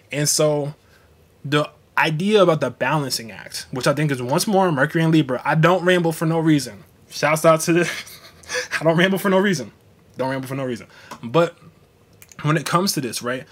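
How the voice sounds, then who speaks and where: A young man talks to his livestream viewers in a blunt, slangy way, cursing freely. His voice sits a bit high for a man. He switches into mocking voices when he quotes people. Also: a bit bright. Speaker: astrology livestream host. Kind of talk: casual livestream talk.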